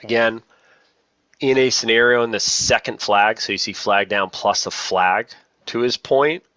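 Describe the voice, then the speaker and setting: A man's voice: lowish voice, measured pace, sharp tone, clear, resonant tone, no echo, dull audio. Chatty man teaching officials over a call. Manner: chatty, self-deprecating, repeats key points. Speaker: lacrosse officials trainer. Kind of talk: casual online training talk.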